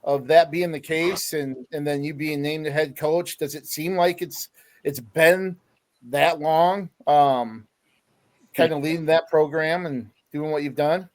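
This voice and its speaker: A man hosts a casual sports podcast, his voice sitting a little high for a man. He chats and tells stories loosely, with plenty of "uh" between thoughts. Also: steady tone, a little slow. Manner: chatty storyteller with many fillers.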